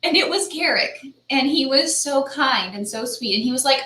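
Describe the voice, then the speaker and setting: Bright-voiced woman in an echoey room. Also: high voice, normal speed, few pauses. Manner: earnest, grateful, frequent restarts. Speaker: guest, architect and project manager. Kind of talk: interview answer, personal story.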